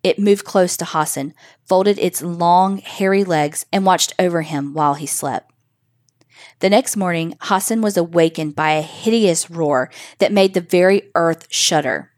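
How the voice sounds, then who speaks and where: Woman storyteller, lowish voice, dry close sound, children's tale. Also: no room sound. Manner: measured, expressive storytelling. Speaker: narrator. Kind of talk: reading a children's story aloud.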